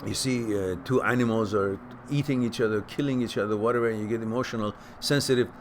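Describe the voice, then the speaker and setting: A man hosting a question-and-answer stream, giving casual spoken advice that turns animated as he stresses points and repeats words. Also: lowish voice, fast talker, noisy background. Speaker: host answering viewer questions.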